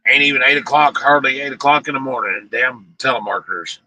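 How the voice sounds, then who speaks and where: Man streaming live, sarcastic and rambling, sharp bright voice, average pitch. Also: a little fast, poor audio. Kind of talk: casual live-stream chat.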